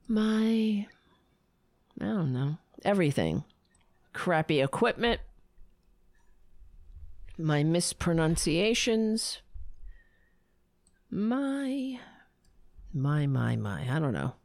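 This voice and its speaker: A woman hosting her own show, signing off in a rambling, self-deprecating way with halting restarts, her voice worn low and hoarse from shouting. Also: big pitch swings, dry recording, clean studio sound. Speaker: show host. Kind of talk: casual live-show sign-off.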